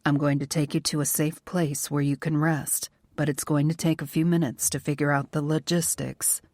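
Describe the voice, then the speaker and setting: A woman narrator voicing a protective man who talks gently but firmly. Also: sits low, level tone, moderate pace, no echo, clean studio sound. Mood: gentle. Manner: gentle and firm. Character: protective male bodyguard, gentle but firm.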